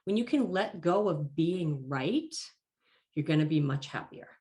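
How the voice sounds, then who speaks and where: A woman giving a talk as a life coach, calm and encouraging, slightly congested from allergies and clearing her throat now and then. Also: low-pitched. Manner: calm, encouraging and measured, stressing key phrases. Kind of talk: presented talk.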